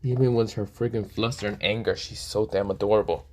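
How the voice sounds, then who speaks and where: A man's voice: on the low side, fairly even intonation, a little fast, a little mellow, slight background noise, close to an everyday voice. A man voicing a shameless, cocky young man who talks in a casual, teasing way.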